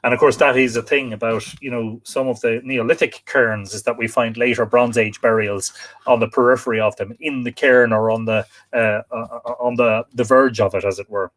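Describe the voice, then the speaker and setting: Irish male host, live-stream book reader, mid-pitched voice, chatty asides to viewers. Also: steady tone, a little fast, fairly bright tone. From Ireland. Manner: spells out place names letter by letter, chatty asides to viewers.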